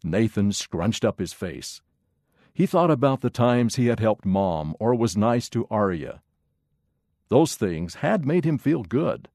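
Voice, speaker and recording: A man narrating a children's story in an expressive, measured way. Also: lowish voice, no echo, studio quality.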